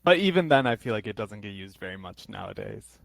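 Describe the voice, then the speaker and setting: A man's voice: lowish voice, sing-song, fast talker, gravelly, fairly bright tone, no room sound, low-quality recording. A young American man, an English tutor, answering questions casually over a video call and thinking aloud with many fillers. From United States. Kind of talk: casual interview.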